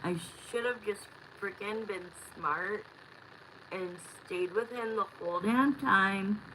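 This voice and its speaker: A woman's voice: mid-range voice, slow pace, sharp tone, a little hiss or hum, low-quality recording. A middle-aged woman hosting a live tarot stream, chatting casually and bluntly with viewers and swearing now and then.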